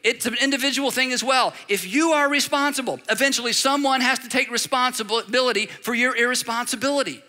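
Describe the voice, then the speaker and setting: A pastor preaching an animated sermon, driving points home through repetition and acted-out quotes. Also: male voice, extremely high pitch, brisk, hardly any pauses. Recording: long reverb of a large hall.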